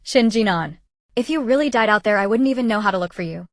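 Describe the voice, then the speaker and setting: A woman voicing a calm but stern young woman scolding her best friend, in an audiobook. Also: medium pitch, quick pace, no room sound, clean studio sound, natural voice.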